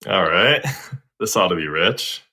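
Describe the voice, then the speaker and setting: A male podcast co-host with a lowish, bright voice that moves a lot in pitch. He chats in a slangy, easygoing way among friends. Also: expressive, a little slow. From United States. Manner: slangy and laid-back. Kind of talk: casual comedic chat.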